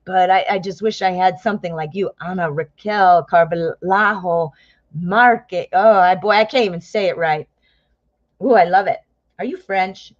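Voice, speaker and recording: Woman in her fifties, live tarot reader, chatty and excitable, slightly muffled stream audio. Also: medium pitch, moderate pace, dry recording. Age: 50s. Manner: chatty, excitable, exclaims often.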